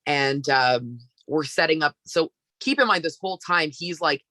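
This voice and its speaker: A woman from Canada, a wrestler guest on a podcast, telling a story in a casual, animated way with lots of fillers. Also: low voice, moderate pace, dry recording.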